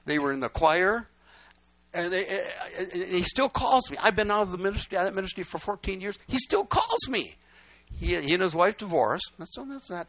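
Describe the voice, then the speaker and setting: A man's voice: a little high, a bit bright, no room sound. An older man preaching, telling folksy stories with repeated lines and "guess what?" asides. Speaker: pastor. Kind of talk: storytelling sermon.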